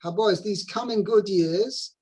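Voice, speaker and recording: A man with a notably high voice guides a student through a text, translating phrase by phrase. His explanations are patient and methodical. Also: measured pace, crowd noise, poor audio. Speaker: teacher. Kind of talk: explaining a text in a study session.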